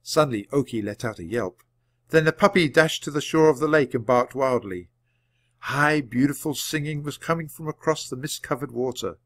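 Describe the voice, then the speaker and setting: A man reading a children's book aloud at a clear, measured pace. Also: mid-range voice, fairly bright tone, no room sound. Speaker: storybook reader.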